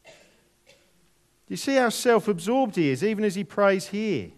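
A man preaching a sermon, reading scripture aloud and explaining it with deliberate, dramatic emphasis. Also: high voice, big pitch swings. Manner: slow, deliberate, dramatic drops to near whisper on key words.

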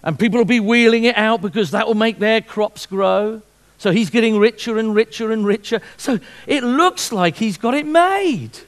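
Man, sermon, high voice, rhetorical questions, repeats phrases. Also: normal speed. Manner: lively, with repetitions and rhetorical questions. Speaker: preacher.

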